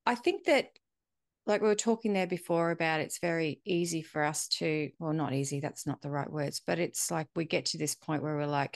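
A middle-aged woman talks in a loose, candid way, swearing now and then and slipping into quoted dialogue. Her voice sits low with a gravelly fry. It is recorded close in a dry space. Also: moderate pace, no echo. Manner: candid, reflective, swears casually, acts out dialogue. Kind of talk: casual conversational chat.

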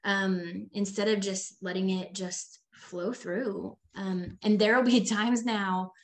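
A woman's voice: mid-range voice, steady tone, slow. A woman in her thirties, a mother of several children, talking in a casual conversation with many "like" fillers. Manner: chatty, many "like" fillers, acts out quoted voices.

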